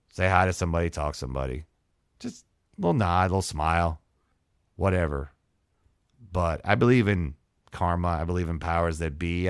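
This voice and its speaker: A man's voice: low-pitched, clear, resonant tone, no room sound, clean studio sound. A man hosting his own podcast, delivering an impassioned solo monologue full of repeated questions and swearing. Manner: impassioned, repetitive, swearing rant. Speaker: podcast host.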